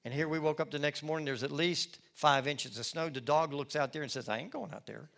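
A man's voice: on the high side, steady tone, fairly quick, fairly bright tone. A middle-aged man, a lead pastor telling a personal story in a sermon with folksy, self-deprecating humor.

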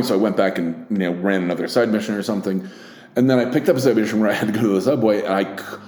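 A man hosting a casual solo podcast, talking in a rambling, profane, animated way with many fillers. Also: fairly low pitch, reverberant. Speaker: podcast host.

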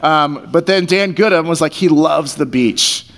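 Speaking at a measured pace, a man with a fairly high, slightly bright voice preaches as pastor in a church hall. He stays earnest and conversational, repeating phrases for emphasis, and his audio comes from a headset mic taped to his face.

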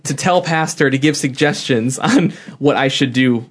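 A man's voice: medium pitch, normal speed, breathy edge. A young man co-hosting a casual podcast, rambling with lots of fillers and restarts and laughing often. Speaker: podcast co-host. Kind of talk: casual chat.

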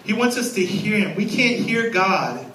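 Guy preaching in a church, high bright voice, echoey room picked up from a ways off. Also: normal speed, distant mic, slight background noise. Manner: animated, acts out scenes with a raised voice. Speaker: guest pastor. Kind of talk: sermon. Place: church sanctuary.

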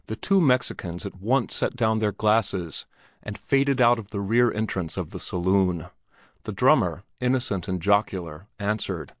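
A man reading an old Western short story aloud in a measured, descriptive way. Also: on the low side, dry recording, studio quality. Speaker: narrator. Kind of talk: audiobook narration.

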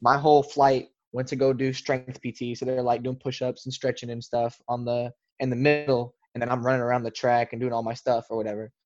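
A man's voice: medium pitch, flat delivery, fairly quick, few pauses, highs cut off. Young man rambling through a story. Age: young adult. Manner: rambling, heavy on filler words. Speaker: podcast guest. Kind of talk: casual storytelling.

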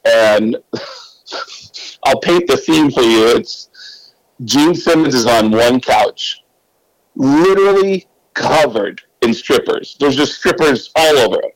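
Swearing, fast-talking male comedian. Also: medium pitch, expressive, no room sound, low-quality recording. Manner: loose, swearing, quick storyteller with laughs. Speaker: comedian guest. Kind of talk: casual anecdote telling.

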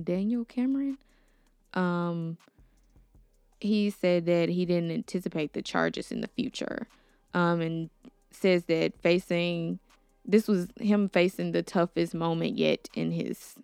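A woman's voice: fairly low pitch, a little mellow, clean tone, no echo. A young woman hosting her own podcast, talking earnestly and outspokenly, sometimes stumbling over names. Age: young adult. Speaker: podcast host. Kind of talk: casual solo podcast commentary.

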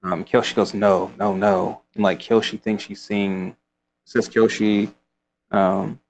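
A man with a fairly low voice talks slowly and flatly about a book, reading passages aloud. He rambles casually, with frequent fillers and laughs.

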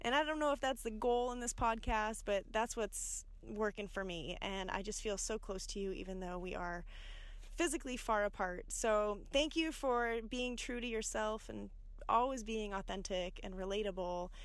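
A woman records a gushing, chatty birthday voice message while in her car. She sounds enthusiastic, and the recording is dry and close, at a middling pitch. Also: moderate pace, no echo. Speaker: listener sending a birthday message.

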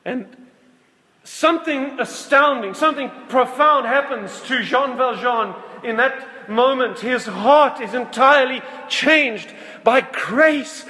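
A man preaching with a high voice, slow and earnest, often doubling back to restart a phrase. His words carry a long hall reverb, as if spoken in a big church. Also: pushed and bright. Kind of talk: sermon.

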